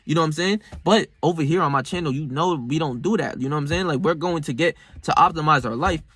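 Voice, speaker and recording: A young man, talking casually and rambling about his daily routine, swearing freely, with sudden bursts of loud excitement. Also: on the high side, fast, slightly rough, dry recording. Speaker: self-improvement vlogger. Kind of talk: casual motivational monologue.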